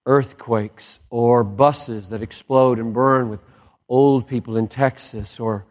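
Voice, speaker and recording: A man preaching a sermon with passion, dropping to hushed lows and rising to emphatic peaks. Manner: impassioned, swings from hushed to soaring emphatic peaks. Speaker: pastor.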